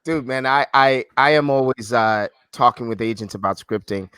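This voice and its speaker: A man's voice: mid-range voice, normal speed, fairly bright tone, clean tone, dry recording. A man hosting an interview podcast, talking in a loose, effusive way, repeating his words and calling his guest "man" and "brother.". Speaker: podcast host. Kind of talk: casual interview chat.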